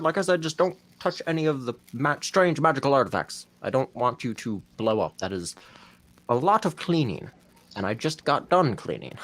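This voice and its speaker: A game master narrating a tabletop game in a chatty, lively way. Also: medium pitch, normal speed.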